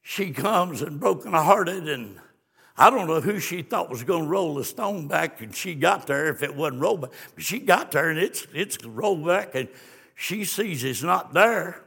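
A man preaching a fiery sermon, swinging from hushed storytelling to shouted exclamations. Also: fairly high pitch, expressive, moderate pace, creaky, husky. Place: church sanctuary. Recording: long church reverb.

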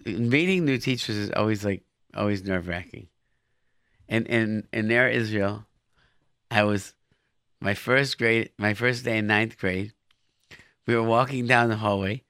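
Gravelly, bright-voiced male radio host. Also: on the low side, measured pace, long pauses, no echo, clean studio sound. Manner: chatty, encouraging, with repeated phrases. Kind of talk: call-in radio chat.

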